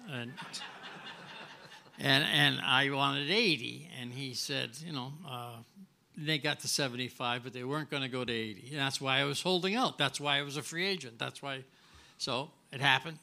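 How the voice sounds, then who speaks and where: Older man spinning a forceful yarn. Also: mid-range voice, moderate pace, creaky. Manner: animated, acts out dialogue, many restarts. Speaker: guest. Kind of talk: casual storytelling. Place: restaurant live event.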